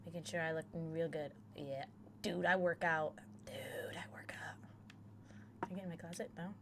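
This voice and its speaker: A young woman streaming a horror game, whispering game text softly and then chatting loudly and excitedly. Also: sits low, a little fast, heavy background noise. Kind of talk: live gameplay commentary.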